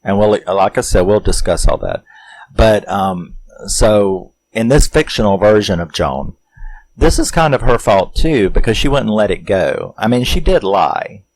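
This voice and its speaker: Deep-voiced man recapping a film. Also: low-quality recording. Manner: rambling, animated retelling with acted-out quotes and chuckles. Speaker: movie review host.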